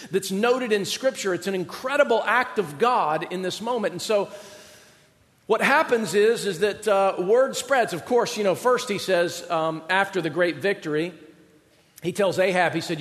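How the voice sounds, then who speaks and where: A man preaching a sermon in an animated, conversational storytelling manner, recorded in a church sanctuary. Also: high-pitched. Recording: reverberant hall.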